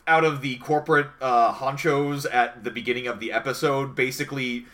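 A man co-hosts a casual anime review podcast in a steady, fairly quick, mid-range voice with a fairly bright tone. His delivery rambles and hesitates, with many fillers throughout.

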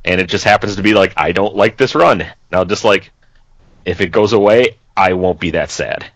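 A man's voice: low-pitched, fairly even intonation, moderate pace, no echo. A young man chatting casually about TV shows, swearing freely and laughing often. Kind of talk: casual chat.

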